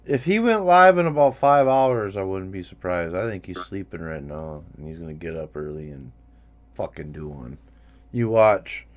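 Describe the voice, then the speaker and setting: A man's voice: deep voice, expressive, moderate pace, few pauses. A man hosting a casual profane chat show with a Minnesotan accent, rambling and laughing as he mocks others. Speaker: host.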